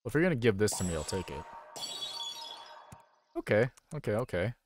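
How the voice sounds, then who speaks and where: A young man with a low, deep voice talks through his game live at a desk mic, loose and rambling. He thinks out loud and pokes fun at his own mistakes. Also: very animated, fairly quick, music in the background. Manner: rambling, self-deprecating, thinking aloud. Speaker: streamer playing a video game. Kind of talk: casual live gameplay commentary. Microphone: desk microphone.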